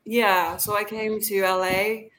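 A British woman, an actor and acting coach, chatting casually as a guest in an interview, often pausing with "like" and "um" and restarting her sentences. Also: medium pitch, flat delivery, over a noisy crowd. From England. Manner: chatty, many "like" and "um" fillers, frequent restarts.

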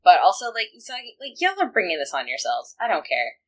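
A woman's voice: lowish voice, wildly swooping pitch, fast, low-quality recording. A woman co-hosting a podcast, chatting casually with lots of "like" fillers and frequent laughter. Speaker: podcast co-host. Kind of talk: casual podcast chat recapping an anime.

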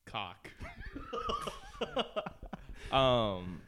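A man's voice: lowish voice, huge pitch swings, extremely slow, noisy background. A young man co-hosting a podcast, teasing his friend, laughing easily and swearing. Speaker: podcast co-host. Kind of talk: casual profane chat.

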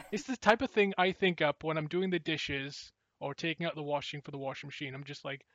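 A man's voice: a little high, normal speed, fairly bright tone, highs cut off. A man hosting a podcast in casual chat, rambling and giggling as he trails off and restarts his thoughts. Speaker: podcast host.

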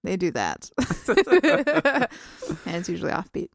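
A woman's voice: fairly low pitch, huge pitch swings, takes it slowly, creaky, dry recording, clean studio sound. A young adult woman co-hosting a podcast, joking and laughing often in casual banter. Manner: joking, giggly, playful voices. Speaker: podcast co-host. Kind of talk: casual chat.

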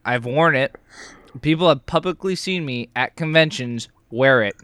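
A man's voice: medium pitch, normal speed, a bit bright, clean tone. A man co-hosting a podcast in casual chat, jokey and defiant, with some swearing. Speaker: podcast co-host.

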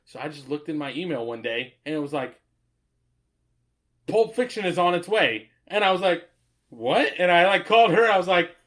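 A man's voice: high-pitched, a little fast, a bit bright. A man telling stories in casual chat, rambling and swearing freely, laughing often.

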